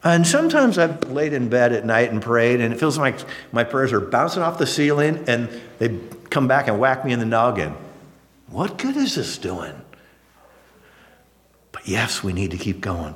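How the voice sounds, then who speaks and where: A man teaching through a psalm in a folksy, animated way, acting out the psalmist's prayers. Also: medium pitch, moderate pace, in a large hall. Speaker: Bible teacher. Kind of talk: casual Bible teaching.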